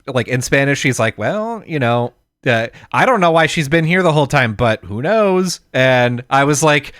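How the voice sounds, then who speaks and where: A man's voice: mid-range voice, animated, moderate pace, a bit bright, no room sound, studio quality. A man co-hosting a podcast, chatting casually, rambling with fillers and restarts and acting out the people he quotes. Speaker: podcast co-host. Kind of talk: casual chat.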